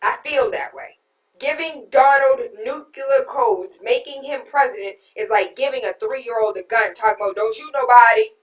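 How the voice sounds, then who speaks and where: A woman hosting a radio talk show, reading out listener comments and venting in an exasperated, emphatic way that swings from loud outrage to quiet disbelief. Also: on the high side, moderate pace. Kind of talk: casual political talk. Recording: roomy and distant from the mic.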